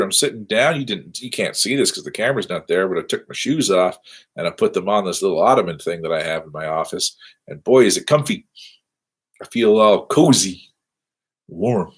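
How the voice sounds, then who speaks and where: Speaking over a webcam from his office, a male university lecturer closes out a casual livestreamed class. His fairly low voice has a slightly rough texture, and his delivery wanders, with self-deprecating humor and dry asides.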